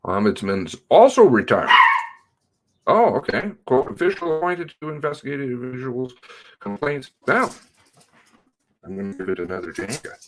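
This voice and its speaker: A man's voice: mid-range voice, sing-song, moderate pace, pauses often, slight background noise. A man hosting a casual livestream, greeting viewers by name and reading chat with a sardonic drawl.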